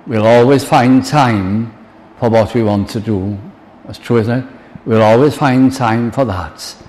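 A man's voice: mid-range voice, a little slow, darkish tone. An older man preaching a sermon, earnest, quoting hymn lines and acting out little dialogues. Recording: long reverb in a large hall, faint ambience.

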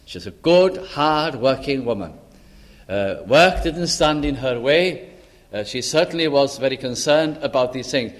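A man preaching a sermon in a slow, deliberate and emphatic way, with dramatic pauses. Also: mid-range voice, lively intonation.

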